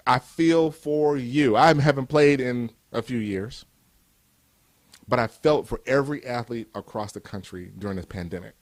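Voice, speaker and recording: A man's voice: medium pitch, moderate pace. A man in his fifties from Cleveland, giving a motivational speech with emphatic, repeated rhetorical build-ups. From Cleveland, USA. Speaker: motivational speaker.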